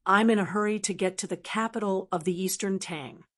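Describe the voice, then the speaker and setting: A woman's voice: mid-range voice, steady tone, brisk, natural voice. A woman reading the lines of a composed young male martial master in an audiobook.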